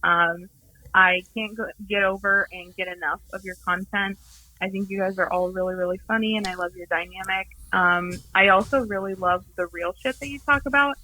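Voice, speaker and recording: A woman's voice: mid-range voice, steady tone, normal speed, pushed and bright, rough recording. A woman leaving an earnest voicemail for a podcast, with many filler ums. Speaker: voicemail caller. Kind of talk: recorded voicemail message.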